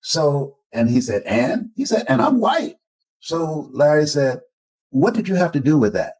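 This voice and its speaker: Older man, husky voice, emphatic storytelling, acts out quoted voices. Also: fairly high pitch, lively intonation, moderate pace, a little mellow, rough recording. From Florida, United States. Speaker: motivational speaker. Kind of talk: interview storytelling.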